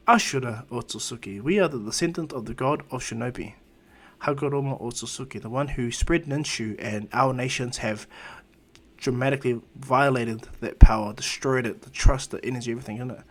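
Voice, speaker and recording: A young ninja who has become a god of destruction speaks in calm, commanding tones, as a man voices him. The voice sits at a middle pitch and carries a quiet threat. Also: fairly quick, close to an everyday voice.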